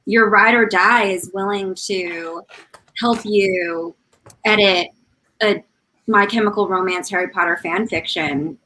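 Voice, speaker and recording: A woman chatting as a guest on an online panel, her voice bright and crisp. She talks in a bubbly, playful way, heard through a video call. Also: medium pitch, steady tone, a little slow, a little hiss or hum, poor audio. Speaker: guest author. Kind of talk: casual chat.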